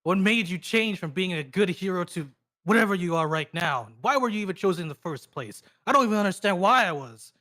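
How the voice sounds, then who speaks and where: A man's voice: high voice, animated, a little fast, bright, forceful tone. A man playing a frustrated young hero ranger. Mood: pressing. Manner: earnest, pressing questions.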